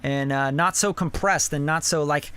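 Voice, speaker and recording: A man's voice: fairly high pitch, moderate pace, bright, forceful tone, clear, resonant tone. A man hosting a live song review, giving blunt, profane mixing feedback in a casual, rambling way. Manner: blunt and profane, with many fillers like "you know".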